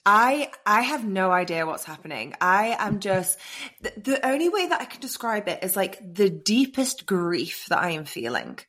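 A woman with a British accent, a podcast guest telling a candid personal story in an animated way and acting out her past thoughts. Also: medium pitch, moderate pace.

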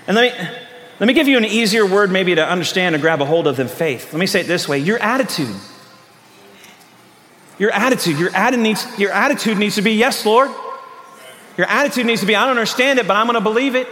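High, bright-voiced animated male pastor. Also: long reverb tail. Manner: animated, acts out Bible voices, laughs often. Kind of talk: sermon. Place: church sanctuary.

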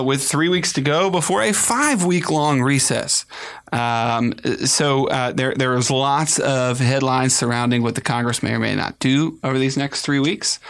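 A man's voice: fairly high pitch, fairly bright tone. A man co-hosting a political talk show, speaking earnestly with frequent ums and restarts. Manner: earnest, hesitant with many fillers. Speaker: podcast co-host.

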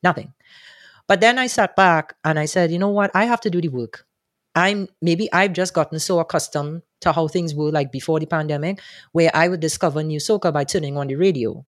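A man answering interview questions, thoughtful and animated, often restarting his sentences. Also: fairly high pitch, brisk, dry recording, studio quality. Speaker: guest, soca music commentator.

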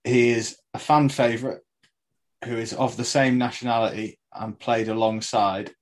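A man's voice: mid-range voice, steady tone, normal speed, rough recording. A man co-hosting a casual football podcast, setting trivia questions with frequent laughs. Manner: quizzing with trivia, laughing often. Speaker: podcast co-host.

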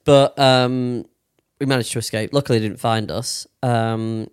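A man's voice: mid-range voice, fairly even intonation, a little slow, smooth, dry recording, studio quality. A young man casually telling a long story on a podcast, with lots of swearing and fillers. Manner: swears a lot, rambling with many fillers. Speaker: podcast co-host.

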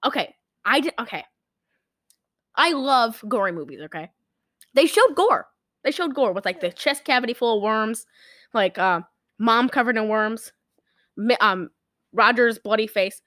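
A woman co-hosting a podcast, casually retelling a movie with animated storytelling and lots of fillers. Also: fairly high pitch, measured pace, pauses often, no echo, clean studio sound. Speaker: podcast co-host. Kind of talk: casual movie recap chat.

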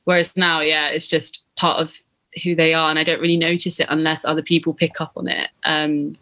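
A young woman with a British English accent, talking in a relaxed, reflective way as the interviewee, often pausing and restarting her sentences. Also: low voice. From England. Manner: hesitant, many restarts and fillers. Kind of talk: casual reflective chat.

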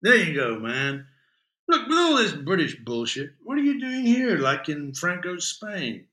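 A man voicing a laid-back bearded hippie man who talks in a slow, mumbled drawl. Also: on the high side, big pitch swings, bright, forceful tone, reverberant, voice pushed up, full character voice.

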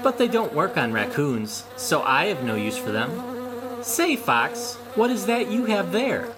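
A man voicing a crafty male raccoon trickster in a folk tale, with a coaxing, playful manner and a raised, lively voice. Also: high-pitched, measured pace, very noisy, voice pushed up.

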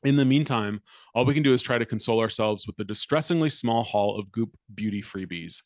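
A man's voice: fairly low pitch, brisk, no room sound. Dry-voiced man reading aloud wryly. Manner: wry, reads quotes with mock drama. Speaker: podcast co-host. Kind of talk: casual chat, reading an article aloud.

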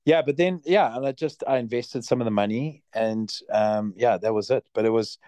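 Man, South African accent, medium pitch, rambling casual talk, dry close recording. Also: moderate pace, mellow, no room sound. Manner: rambling, filler-heavy, easygoing. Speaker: podcast guest. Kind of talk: casual interview chat.

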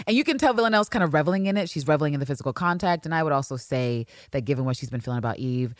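A woman co-hosting a podcast, recapping a TV show in casual, animated chat, swearing freely. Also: deep voice, racing, few pauses, no echo, clean studio sound. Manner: animated, acts out the characters, swears. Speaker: podcast co-host.

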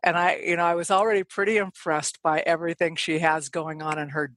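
A woman hosting a podcast, reading a guest introduction and then asking questions, eager and quick. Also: lowish voice, steady tone, fairly bright tone, dry recording. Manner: enthusiastic, quick, admiring. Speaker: podcast host.

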